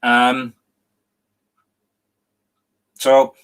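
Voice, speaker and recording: Scottish man, medium, gentle, apologetic, halting delivery, mid pitch. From Scotland. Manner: emotional, near tears at times. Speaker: psychic medium. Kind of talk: live online reading.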